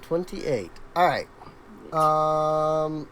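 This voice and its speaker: A woman narrating a tabletop game as game master, halting with many fillers and restarts. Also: low voice, lively intonation, fairly bright tone, a little hiss or hum, poor audio.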